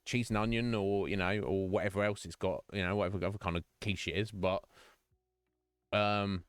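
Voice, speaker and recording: A man's voice: lowish voice, fairly even intonation, moderate pace, smooth, no echo, clean studio sound, soft background music. A British man streaming and chatting casually, rambling through anecdotes with lots of asides. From Britain. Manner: rambling storytelling with quoted voices and laughs. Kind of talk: casual chat.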